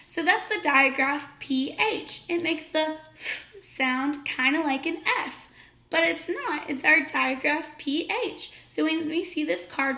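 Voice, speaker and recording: Woman, teacher, high voice, phonics lesson for kids, encouraging, echoey room. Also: sharp tone. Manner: slow, clear, encouraging classroom delivery. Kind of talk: phonics lesson for young children.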